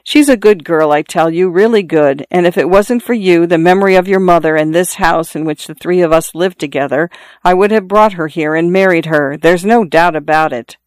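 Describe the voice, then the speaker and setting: A reader plays a dying father in his forties, pained and breathless. He presses his point over and over, insistent and confiding. The voice stays smooth and dry, close to the mic. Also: medium pitch, normal speed, dry recording, close to an everyday voice. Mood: earnest. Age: 40s. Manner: earnest, insistent, repeats himself. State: in pain, out of breath. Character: dying middle-aged father, urgent and confiding.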